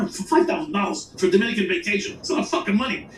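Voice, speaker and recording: A man spins a rambling, profane crime story in casual conversation, his pitch leaping around as he acts out the dialogue. He sits a touch high for a man, in a room with a roomy echo and faint noise behind him. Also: lively intonation, racing, far from the mic. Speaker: storyteller guest.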